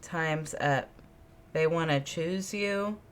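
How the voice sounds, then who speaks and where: Low-voiced woman giving a tarot reading. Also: slow. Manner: repeats phrases, muses aloud, asks spirit questions. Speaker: tarot reader. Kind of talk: intuitive tarot reading monologue. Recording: card shuffling clicks in background.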